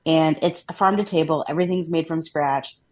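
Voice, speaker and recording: Talking fairly quickly in a low voice, a woman co-hosts a podcast with a Minnesotan accent, being from Minnesota herself. The conversation is casual and upbeat, full of laughs and repeated "like" fillers.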